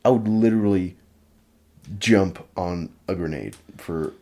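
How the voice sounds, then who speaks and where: Low-voiced young guy rambling casually. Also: measured pace, mellow. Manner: rambling, filler-heavy, swears casually. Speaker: podcast host. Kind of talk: casual chat.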